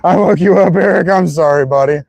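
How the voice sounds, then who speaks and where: A man's voice: sits high, a little fast, vocal fry, a little mellow, dry recording, low-quality recording. A man streaming, chatting casually and loosely, swearing as he muses aloud. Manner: loose and profane, musing aloud. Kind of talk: casual chat.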